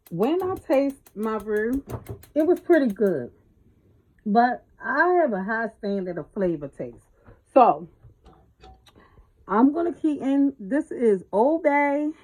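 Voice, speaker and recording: A woman's voice: mid-range voice, a little mellow. A woman hosting a casual home cooking tutorial in her kitchen, chatty and folksy, calling her viewers y'all and baby, recorded on the camera mic as she moves around. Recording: dull lo-fi home video sound with faint noise.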